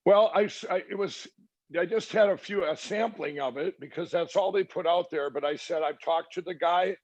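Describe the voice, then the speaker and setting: Gravelly man, halting and rambling. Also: sits high, dry recording. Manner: halting, many restarts and fillers, quoting others. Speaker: interview guest. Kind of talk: rambling storytelling interview. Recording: dry, dull lo-fi sound.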